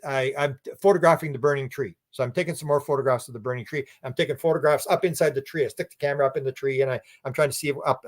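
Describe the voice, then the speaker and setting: A man as an interview guest, telling a long story in an animated, rambling way and acting out what people said. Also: mid-range voice. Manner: animated, rambling, acts out quoted speech. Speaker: guest researcher.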